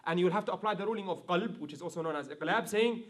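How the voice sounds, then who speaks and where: High-voiced man teaching Quran recitation. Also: racing, fairly bright tone. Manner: explains rules, then recites verses in a melodic chanting voice; checks in with students, asking if it is clear. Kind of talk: online tajweed class.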